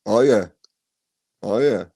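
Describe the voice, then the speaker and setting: A man's voice: lowish voice, takes it slowly, gravelly, mellow, breathy edge, no room sound, clean studio sound. A man hosting a podcast, telling stories in loose, profane casual chat. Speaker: podcast host.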